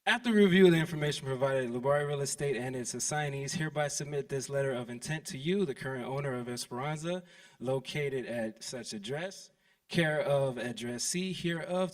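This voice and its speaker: A man introducing himself and reading an offer letter aloud to a seminar audience in a steady, easygoing way. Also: medium pitch, moderate pace. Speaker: seminar participant pitching an offer. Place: event stage before an audience. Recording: distant mic in a hall.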